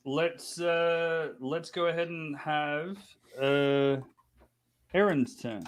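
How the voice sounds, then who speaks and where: A man's voice: a little high, extremely slow, clear, resonant tone. Guy running a tabletop game, chatty, laughs at himself, lots of restarts. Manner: chatty, self-deprecating, many restarts. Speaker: game master.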